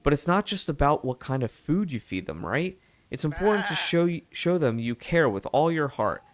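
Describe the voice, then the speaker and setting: A man's voice: on the high side, very animated, moderate pace. A man reading an earnest goat herder. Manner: reads game dialogue aloud in a gentle voice. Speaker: video game streamer.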